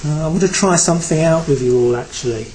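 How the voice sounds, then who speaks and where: A man's voice: on the high side, quick pace, darkish tone, a little hiss or hum, rough recording. A man from Britain giving a Buddhist talk to a group, reflective and hesitant, with many fillers. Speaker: Buddhist teacher.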